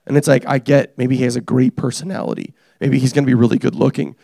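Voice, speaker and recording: A young man preaching a casual, energetic sermon, joking and teasing the congregation as he tells stories about his family. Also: mid-range voice, quick pace, creaky, dry recording, clean studio sound. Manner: animated, joking, self-deprecating. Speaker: pastor.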